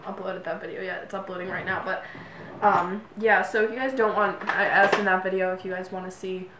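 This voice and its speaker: A woman's voice: mid-range voice, pushed and bright. A young woman vlogger chatting casually through her makeup routine, rambling with many fillers, recorded on a camera mic from a distance. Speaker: beauty vlogger. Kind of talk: get-ready-with-me makeup chat. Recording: roomy echo, distant mic, faint noise.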